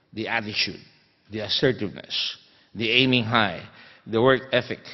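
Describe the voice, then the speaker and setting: A man from the Philippines, giving a conference talk that he tells as an emphatic story, with many fillers. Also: on the low side. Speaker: guest speaker. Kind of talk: anecdotal conference speech. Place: conference hall. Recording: dull sound in a reverberant hall.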